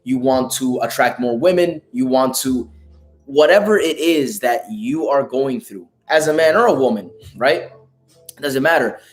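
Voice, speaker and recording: Hoarse male motivational host, raspy and emphatic, faint background music. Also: medium pitch, unhurried. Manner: emphatic, profane, preachy. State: hoarse from a lost voice. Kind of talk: live motivational talk.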